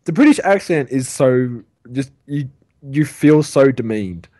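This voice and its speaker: A young Australian man in loose podcast banter, his mid-pitched voice swinging widely as he teases. He makes crude jokes and restarts his sentences, recorded dry and close. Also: animated, unhurried, mellow, no echo. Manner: teasing, crude jokes, stumbles into lines. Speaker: podcast co-host.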